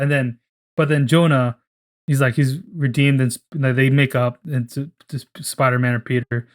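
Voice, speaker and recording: A young man talking loosely on a casual podcast, his thoughts running on in a loose ramble. He swears freely and slips into quick voices for characters as he pitches a story. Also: steady tone. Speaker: podcast co-host.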